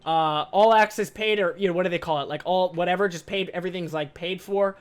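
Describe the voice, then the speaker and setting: Animated, high-voiced young man. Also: quick pace. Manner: animated, swears freely, self-mocking. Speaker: podcast host. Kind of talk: casual storytelling monologue.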